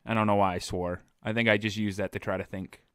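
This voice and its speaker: A man's voice: on the low side, flat delivery, quick pace, a bit bright, smooth, no echo. A man co-hosting a podcast, chatting casually and joking crudely with his co-host.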